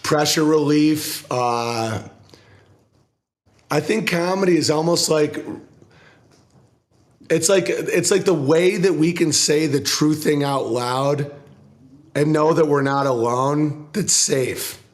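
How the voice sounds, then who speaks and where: A comedian talking casually in an interview, rambling, swearing, and acting out other people's voices. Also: male voice, takes it slowly, long pauses. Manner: profane, rambling, acts out quoted people in lower voices. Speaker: comedian guest.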